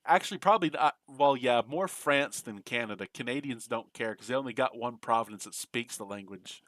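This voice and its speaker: A man's voice: medium pitch, fairly quick, a bit bright, no room sound. A man from the United States, streaming a game and chatting casually, joking, laughing often and answering chat aloud. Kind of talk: casual live-stream chat while gaming.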